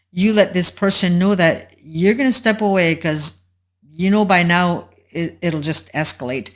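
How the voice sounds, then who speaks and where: Measured woman explaining step by step. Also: low voice. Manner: measured, explanatory, walks through a scenario step by step. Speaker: host. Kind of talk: solo talk giving relationship advice.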